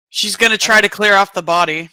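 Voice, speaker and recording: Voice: mid-range voice, pushed and bright, smooth, no room sound. A tabletop game player speaking casually and playfully.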